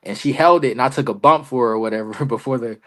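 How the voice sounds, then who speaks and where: A young man, a wrestler guest on a podcast, telling stories in a casual, animated way with lots of slang. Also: medium pitch, fast. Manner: animated, slangy, lots of "bro" and "you feel me". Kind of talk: casual interview storytelling. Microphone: remote podcast call.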